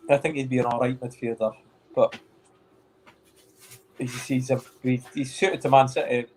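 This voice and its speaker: Laid-back Scottish man, mellow voice. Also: mid-range voice, fairly even intonation, normal speed, slight background noise, low-quality recording. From Scotland. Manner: dry, joking, laid-back. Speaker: podcast co-host, former footballer. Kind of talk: casual chat.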